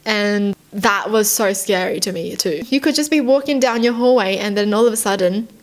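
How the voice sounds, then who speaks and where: This is a young woman chatting casually as she reacts on her own channel. She sounds curious and easily excited, and piles up questions one after another. Her talk is full of "like" and loose, chatty asides. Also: medium pitch. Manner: excitable and curious, heavy use of "like", rapid questions. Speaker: vlogger reacting to read-out stories.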